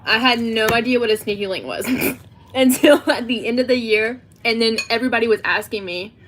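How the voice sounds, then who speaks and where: A woman's voice: on the high side, a little fast, a bit bright, slight background noise. A teenage girl with a Southern US accent, chatting and giggling to her livestream chat. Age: teens. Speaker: livestream host.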